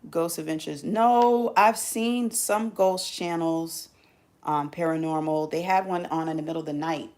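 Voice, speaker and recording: A woman chatting casually to her viewers on a livestream, animated and slangy. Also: sits low. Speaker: live streamer.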